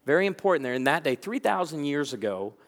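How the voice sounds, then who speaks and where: A man preaching from the pulpit with a fairly high, animated voice, acting out the people in his stories. His sermon rings with the long reverb of a large church hall, and his delivery swings between playful and earnest. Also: fast. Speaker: pastor.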